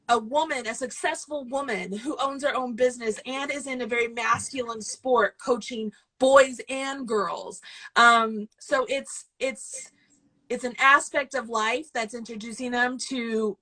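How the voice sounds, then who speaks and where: A woman's voice: on the high side, fairly bright tone, poor audio. A woman in her forties, a coach and business owner, chatting casually and getting tearful as she rambles. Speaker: guest host, yarn business owner and throwing coach. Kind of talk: casual video chat.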